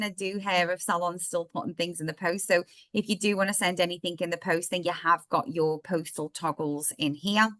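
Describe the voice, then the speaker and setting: A woman with a slightly croaky voice, chatting through a software demo step by step in a live online workshop. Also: lowish voice, no room sound. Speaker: software trainer.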